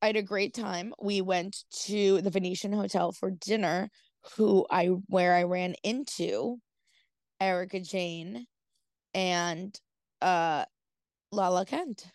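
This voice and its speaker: A woman podcast host tells a story in loose, casual chat, stacking up "like" and "dude" and cursing offhandedly. Her voice sits at a middling pitch and is recorded dry and close, with no room sound around it. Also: steady tone, slow, a little mellow, no room sound. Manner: rambling, heavy use of "like" and "dude", swears casually.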